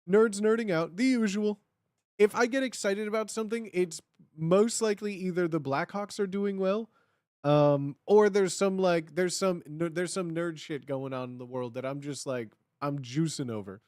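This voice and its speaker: Young man, live streamer, slightly high voice, dry close mic, excitable, rambling, lots of ums and restarts. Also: moderate pace, dry recording. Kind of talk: casual live-stream chat.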